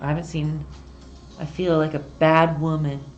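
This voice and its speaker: Low-voiced chatty woman teaching painting. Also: little pitch movement, normal speed, muffled recording, soft background music. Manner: chatty, rambling, self-deprecating, giggly. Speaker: painting instructor and streamer. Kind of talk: casual live-stream painting lesson.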